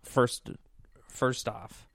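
Rambling podcast host, dry close sound. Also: male voice, drawn-out words, a bit bright, no room sound. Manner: rambling, many "like" fillers. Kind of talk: casual chat.

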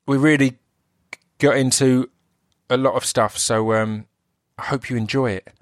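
A man with an Essex accent, a podcast host and actor, opens his solo podcast enthusiastically, rambling and frequently cutting himself off to restart. His mid-range voice has fairly even intonation and a slightly slow pace, recorded in clean studio sound with no room sound.

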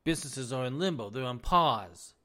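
A man hosting a solo commentary, folksy and relaxed at first, then insistent and heated about the economy. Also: medium pitch, normal speed. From US East Coast. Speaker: business administrator, commentary host. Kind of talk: opinionated commentary.

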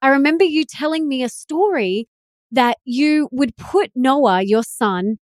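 A woman's voice: high voice, lively intonation, measured pace, no room sound, studio quality. A woman hosting a podcast in casual conversation, enthusiastic and affirming. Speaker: podcast host.

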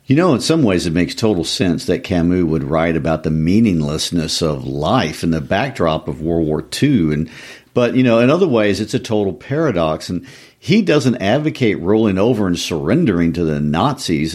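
Deep-voiced man with animated delivery. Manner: lively, conversational, animated delivery. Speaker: podcast co-host. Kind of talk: casual literary discussion.

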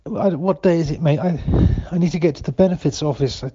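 A bewildered man who stumbles and trails off as he leaves a voicemail. His fairly high voice is soft and mellow, and the sound is dull and lo-fi, like a phone message in a comedy podcast. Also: breathy edge. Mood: dazed worried. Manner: halting, confused, stumbling. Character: dazed, bewildered British man after a bad drug trial.

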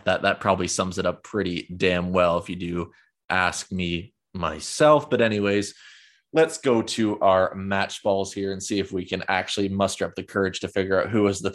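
Young guy hosting a footy podcast, real low voice, rambly and jokey. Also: normal speed. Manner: rambling, self-deprecating, with fillers and restarts. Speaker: podcast host. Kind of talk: casual football podcast chat.

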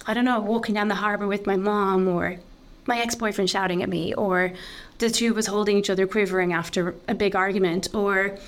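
A woman, a podcast guest talking candidly and openly about a deeply personal experience, with lots of "like" fillers. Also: steady tone, brisk. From Ireland. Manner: open, heartfelt, full of "like" fillers.

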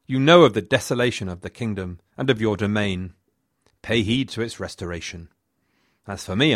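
A solemn medieval duke addressing his lord, read by a male narrator in a low, formal, measured voice. The recording is dry and close. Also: a bit bright, no room sound.

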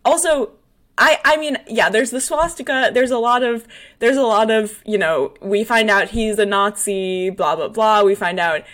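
A woman's voice: fairly high pitch, moderate pace, fairly bright tone. A woman hosting a podcast in casual chat, talking in a chatty way and laughing often. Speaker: podcast host.

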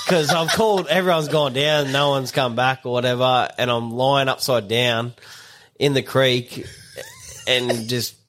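A young Australian man from Central Queensland tells a story on a podcast. He is relaxed and unhurried, and he stops and restarts as the memory comes back. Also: mid-range voice. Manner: laid-back, halting storytelling. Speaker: podcast guest. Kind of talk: casual chat, recounting a story.

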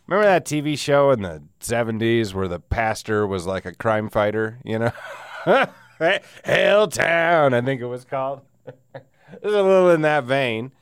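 A man's voice: mid-range voice, big pitch swings, a little slow, clean tone, no echo, studio quality. A man hosting a casual solo podcast, rambling and sardonic with frequent laughs, wheezing through a sinus cold. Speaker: podcast host.

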